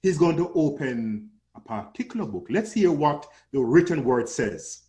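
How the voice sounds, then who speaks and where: A man's voice: fairly high pitch, animated, moderate pace, warm tone. A man preaching a sermon with an emphatic, rising and falling cadence, calling listeners his friend.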